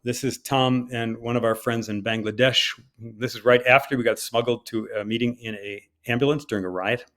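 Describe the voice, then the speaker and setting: An older man, a physician, telling a personal story at a conference talk in a lively, conversational way with the odd filler. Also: mid-range voice, moderate pace. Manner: hesitant with fillers at times.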